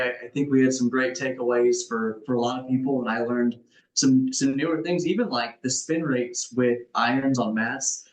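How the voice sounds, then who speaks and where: A man hosting a casual interview, talking in a halting way with many restarts. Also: medium pitch, roomy sound, low-quality recording. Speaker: podcast host.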